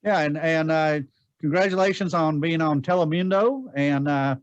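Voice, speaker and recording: A man hosting a meeting over a video call, talking casually and haltingly with many fillers. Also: on the high side, no echo, highs cut off. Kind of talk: casual chat.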